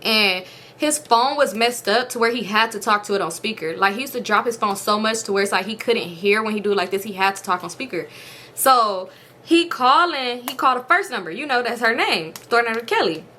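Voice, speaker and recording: A young woman telling a storytime to her viewers, animated and blunt, acting out quoted dialogue in a raised voice. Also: on the high side, fairly quick, a little hiss or hum. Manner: blunt and profane, slangy. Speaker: storytime vlogger.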